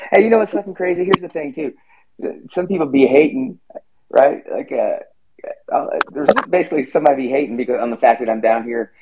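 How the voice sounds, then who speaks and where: A man's voice: medium pitch, a little fast, vocal fry, background noise. A man hosting a podcast, chatting casually and rambling, swearing freely. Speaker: podcast host. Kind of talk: casual chat.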